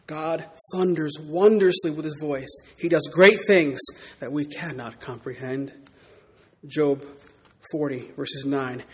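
A man preaching a sermon in church, dramatic, swinging from loud declarations to hushed words. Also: a little high, steady tone, a little slow, slightly rough, big-room sound. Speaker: pastor.

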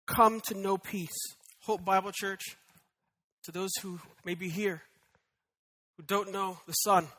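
Pastor, male, high bright voice, emphatic sermon delivery. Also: moderate pace. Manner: emphatic preaching, rising to loud repeated declarations.

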